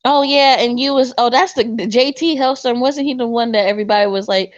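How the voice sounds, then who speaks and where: A woman co-hosting a casual livestream chat, animated and laughing often, trailing off and restarting her sentences. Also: a little high, a little fast, no room sound. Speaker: co-host. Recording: dull lo-fi sound.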